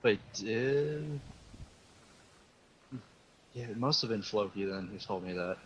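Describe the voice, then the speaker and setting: A man's voice: lowish voice, expressive, slow, dull audio. Guy playing a tabletop game, chill, faint hiss. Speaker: player. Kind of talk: casual tabletop play.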